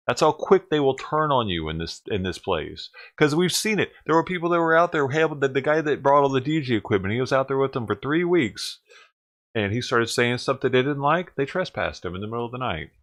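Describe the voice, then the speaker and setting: A man rants on a livestream, his voice swinging widely up and down as he mocks and swears. His pitch sits in the middle for a man, and his delivery is sarcastic and heated. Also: big pitch swings, brisk, a bit bright. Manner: sarcastic, profane, mocking. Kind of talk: ranting livestream commentary.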